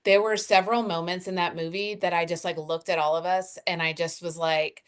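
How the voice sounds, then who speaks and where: Host: chatty mom, slightly low voice, lots of "like", easygoing. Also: female voice, steady tone, fairly quick. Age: adult, mother of two. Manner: chatty, bubbly, lots of "like" and "you know". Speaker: podcast host. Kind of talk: casual podcast conversation.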